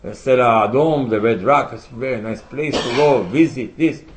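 A man's voice: mid-range voice, moderate pace, slight background noise, poor audio. Emphatic man giving a Torah class. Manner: emphatic, rhetorical questions, quotes Hebrew sources. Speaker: rabbi teaching a Torah class. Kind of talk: religious lecture.

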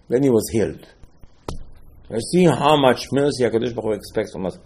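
Male preacher, husky, lively storyteller who shoots up in pitch when worked up. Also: a little fast. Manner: animated storytelling, rising to excited high-pitched outbursts. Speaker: rabbi. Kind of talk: sermon.

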